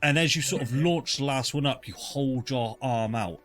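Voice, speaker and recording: A man's voice: mid-range voice, normal speed, fairly bright tone, faint music behind. A man narrating a live tabletop game as dungeon master, playful, with many fillers and mouth sound effects.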